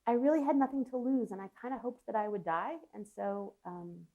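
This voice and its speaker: A woman's voice: medium pitch, a little fast, narrow, tinny audio. A woman psychologist speaking as an interview guest, telling a personal story in an earnest, reflective way. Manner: earnest, reflective, with frequent restarts and laughs.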